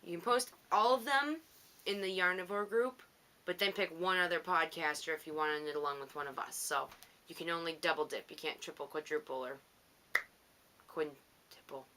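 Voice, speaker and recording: A woman with a fairly low voice that still has a bright, forward edge talks through her week as a podcast host. She rambles, teases herself and laughs easily in a loose, unscripted monologue. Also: a little hiss or hum. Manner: chatty, rambling, self-teasing, quick to laugh. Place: home on the coast.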